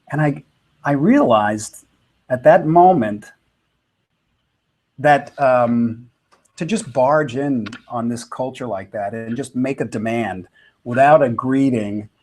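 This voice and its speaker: A man's voice: mid-range voice, a little mellow. A man in his fifties, a touring musician telling a reflective story with many fillers and restarts. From United States.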